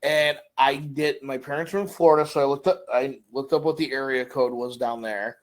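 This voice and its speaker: Here the middle-aged co-host has a medium-pitched voice and a moderate pace. In casual podcast chat, he poses questions and spins lively stories, performing the characters' voices.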